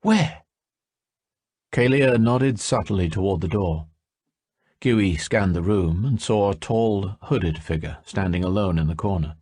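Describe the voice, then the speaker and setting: A man narrating a fantasy audiobook in a steady storytelling manner. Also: low voice, measured pace, husky, dry recording, clean studio sound. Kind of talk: scripted narration.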